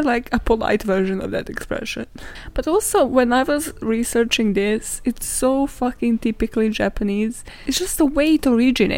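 A young woman hosting a podcast, telling stories in a casual, sweary, animated way and laughing often. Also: medium pitch, vocal fry. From not British, lives in London. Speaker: podcast host. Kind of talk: casual chatty storytelling.

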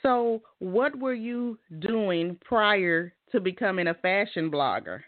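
A woman's voice: mid-range voice, lively intonation, slow, no room sound. Woman hosting a podcast over a phone-like line. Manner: reads a scripted intro, then asks questions in a friendly way. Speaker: podcast host. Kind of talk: podcast interview. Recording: dry, phone-like sound.

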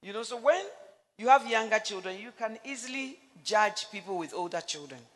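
A middle-aged woman preaching on marriage, telling a story with animated acted-out dialogue and bursts of laughter. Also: mid-range voice, moderate pace. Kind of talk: sermon. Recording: long hall reverb.

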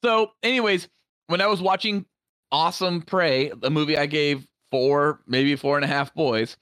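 Bright-voiced man rambling on a podcast. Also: on the high side, moderate pace, clear, resonant tone, no room sound. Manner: rambling, crude, laughs easily. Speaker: podcast co-host. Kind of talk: casual chat.

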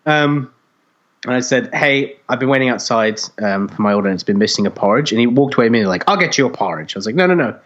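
A man co-hosting a podcast, telling a story in casual chat, animated and swearing freely as he acts out other people's voices. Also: mid-range voice, fast talker, dull audio. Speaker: podcast co-host.

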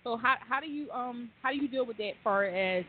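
A woman's voice: on the high side, brisk. A woman hosting a live radio talk show, casual and playful, laughing and teasing her guests. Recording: tinny phone-line sound, faint hiss.

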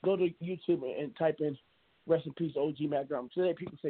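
A man's voice: a little high, quick pace, slightly rough, no room sound. A man hosting an internet radio talk show, speaking in a blunt, meandering monologue full of restarts and fillers. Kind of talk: rambling monologue. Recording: narrow phone-like sound.

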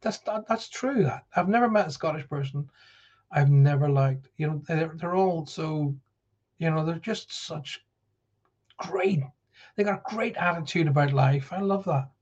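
A man's voice: fairly high pitch, measured pace, a little mellow, muffled recording. A man hosting a live stream who chats in a rambling way, does card readings and greets viewers one by one by name. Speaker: livestream host and card reader. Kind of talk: casual live-stream chat.

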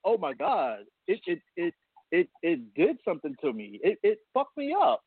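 A man's voice: high-pitched, huge pitch swings, moderate pace, creaky, breathy edge, no echo. A man guest on a casual radio interview, telling a heartfelt story about being a father and laughing often. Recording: tinny phone line, dry.

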